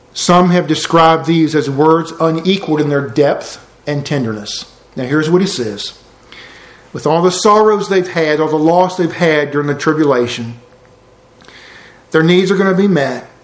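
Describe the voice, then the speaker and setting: Earnest preaching man, echoey room. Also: moderate pace. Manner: earnest, rises for emphasis then drops low and soft. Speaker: pastor. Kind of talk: sermon.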